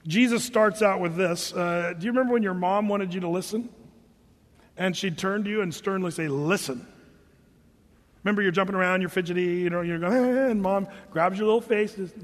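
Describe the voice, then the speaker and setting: A man preaching a casual, joking sermon, reading scripture slowly between everyday asides. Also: high-pitched, big-room sound. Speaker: pastor.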